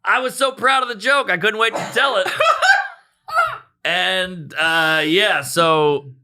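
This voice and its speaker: A man, a stand-up comedian, telling a profane, animated story in casual chat. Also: high voice, slow pace, a little hiss or hum.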